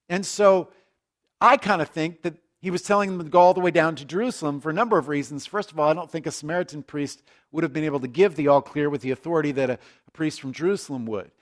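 A male pastor gives a casual, chatty sermon with a fairly high voice. He drifts into asides and jokes with the congregation, restarting sentences as he goes. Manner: conversational, self-deprecating, frequent restarts and asides.

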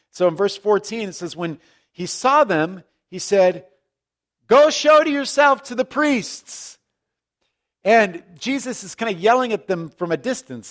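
A man preaching a conversational sermon, joking in asides and restarting his sentences as he explains the scripture. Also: high voice. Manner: conversational, self-deprecating, frequent restarts and asides. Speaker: pastor.

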